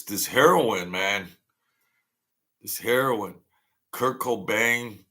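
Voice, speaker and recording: A man's voice: fairly low pitch, sharp tone. A man hosting a casual livestream, telling meandering stories that trail off and restart. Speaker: livestream host. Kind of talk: rambling casual storytelling.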